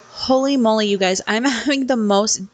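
Chatty, rambling young mom. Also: female voice, on the high side, moderate pace. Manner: rambling, chatty, frequent "like" fillers. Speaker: mom vlogger. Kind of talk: casual chat. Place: home. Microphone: laptop microphone.

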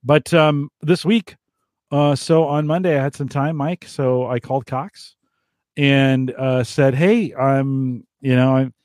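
A man's voice: fairly high pitch, steady tone, a little slow, darkish tone, dry recording, studio quality. An American man hosting a gadget podcast in casual chat, chatty and laughing often, with many restarts. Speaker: podcast host.

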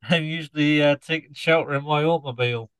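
A man's voice: fairly high pitch, little pitch movement, normal speed, sharp tone, clear, resonant tone, no room sound, rough recording. A man voicing a dim, cheeky male scarecrow from a farm, rambling through puns and slipping out of his put-on accent.

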